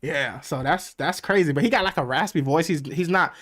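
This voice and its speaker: A man's voice: fairly high pitch, a little fast, a bit bright. A man hosting a casual podcast conversation, talking loosely with lots of fillers. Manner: loose and chatty, many fillers. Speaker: podcast host.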